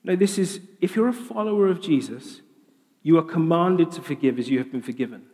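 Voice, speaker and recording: A man preaching a sermon, animated and humorous, with lively voiced asides. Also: fairly high pitch, fairly quick. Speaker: pastor. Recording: long hall reverb.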